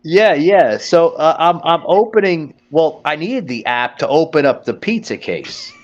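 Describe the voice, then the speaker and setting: Over a phone line with the highs cut off, this man's voice sits on the high side. Hosting a podcast, he spins a profane, meandering comic tale at an unhurried pace, expressively quoting others in put-on voices.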